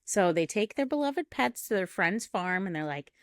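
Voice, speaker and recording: A woman in her thirties co-hosts a casual podcast and retells film scenes with animated, acted-out quotes. She has a mid-range voice, recorded close on a dry mic with no room sound. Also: medium pitch, normal speed, dry recording. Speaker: podcast co-host. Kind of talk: casual chat.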